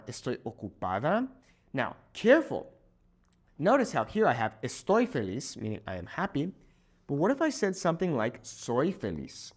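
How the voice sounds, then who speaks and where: A young man giving a video Spanish lesson, explaining phrases and checking in with "okay?" after each point. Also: medium pitch. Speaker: Spanish teacher.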